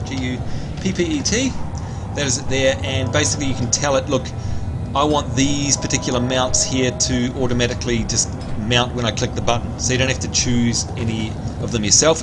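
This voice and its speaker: A man livestreaming a video game, chatting casually, reading out viewer messages and giving shout-outs, with excitable bursts while he plays. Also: mid-range voice, brisk, very noisy.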